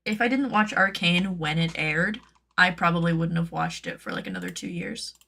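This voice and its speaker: A woman who makes cosplay patterns, chatting casually on her stream, rambling with lots of "like" and playful jumps into high silly tones. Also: moderate pace, creaky, pushed and bright.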